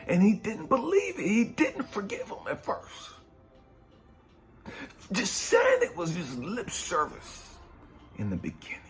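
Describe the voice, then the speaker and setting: A man giving an emotional motivational talk, dropping to hushed whispers and rising to cracking cries, swearing hard. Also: sits high, wildly swooping pitch, unhurried, soft background music. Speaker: motivational speaker and life coach.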